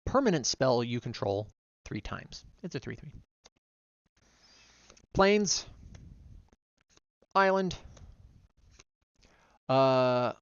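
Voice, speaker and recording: A man streaming as a vtuber, casually reading game card text aloud one card after another, quick and run-on. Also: mid-range voice, dry recording, dull audio.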